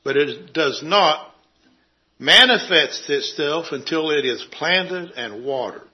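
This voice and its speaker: Bright, slow-paced male preacher. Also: on the high side, lively intonation, highs cut off. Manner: earnest preaching, cites scripture, dips into quiet emphasis. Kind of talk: sermon.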